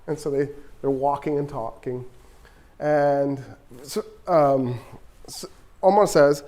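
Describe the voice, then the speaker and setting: A male political science professor from Texas tells history as a lively story and acts out the characters' dialogue. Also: a little high, a little slow. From Texas, USA. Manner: animated, acts out quoted dialogue. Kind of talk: storytelling lecture.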